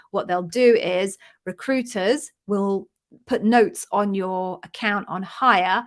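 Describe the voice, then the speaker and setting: A middle-aged woman coaching job candidates, talking straight to the camera in a relaxed question-and-answer format. Her voice sits at an ordinary pitch for a woman. She sounds frank, chatty and encouraging as she walks through her advice. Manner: direct, conversational, reassuring advice. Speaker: interview coach. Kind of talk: casual Q&A answering viewer questions.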